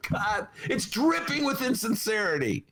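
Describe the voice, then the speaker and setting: A man hosting a political podcast, talking in a mocking, animated way and laughing often. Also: very high voice, unhurried, vocal fry. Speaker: podcast host. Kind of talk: political talk show chat.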